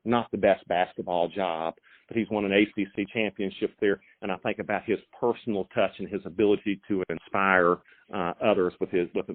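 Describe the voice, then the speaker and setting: A middle-aged man, a high school football coach, talking in a halting way with many repeated words and fillers. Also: no room sound. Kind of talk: phone interview. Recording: phone line.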